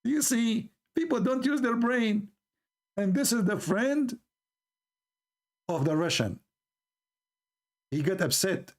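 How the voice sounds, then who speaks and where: Animated high-voiced man with an Arabic accent. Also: slow pace, long pauses. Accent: Middle Eastern Arabic. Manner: animated, mocking, repeats words, laughs at his own points. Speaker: online commentator. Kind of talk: casual opinion talk with storytelling.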